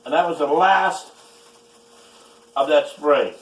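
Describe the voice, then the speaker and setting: A man's voice: a little high, slow, distant mic. A man cooking at home for a casual vlog, swearing often and grumbling in frustration. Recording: roomy, off-mic, faint background noise.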